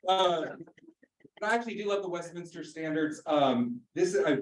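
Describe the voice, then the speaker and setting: A man's voice: fairly high pitch, moderate pace, slight background noise. A man, a pastor teaching an adult church class in a joking, chatty way and quizzing the audience. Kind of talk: informal church class lecture. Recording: roomy room, mic at a distance.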